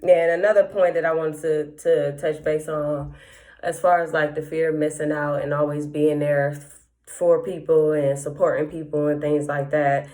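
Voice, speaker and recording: Low-voiced woman sharing a painful story. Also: level tone, moderate pace, warm tone. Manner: candid, emotional, slangy, many fillers. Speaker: podcast host. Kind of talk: casual personal storytelling.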